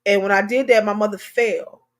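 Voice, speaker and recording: A woman's voice: mid-range voice, steady tone, moderate pace. A middle-aged woman hosting a talk show, giving emotional commentary on a news story, preachy and impassioned and repeating herself.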